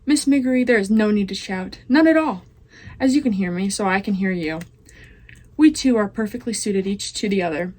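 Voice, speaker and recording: A teenage girl reading aloud, voicing a smooth-talking, overly polite male rat villain in a storybook. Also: medium pitch, brisk, darkish tone, lightly acted. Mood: smooth, scheming. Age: teens. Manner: silky, overly polite and formal.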